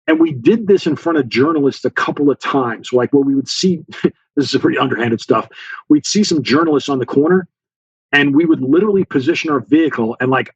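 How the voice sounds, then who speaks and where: Being interviewed as a guest author, a former Special Forces officer spins an animated story full of fillers, voicing the dialogue himself. His husky voice is on the high side. The audio is dull and has no echo.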